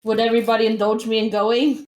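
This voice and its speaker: A woman's voice: fairly high pitch, little pitch movement, quick pace, darkish tone, reverberant, a little hiss or hum. A woman playing a tabletop game, talking casually in a tentative, polite way. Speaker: player.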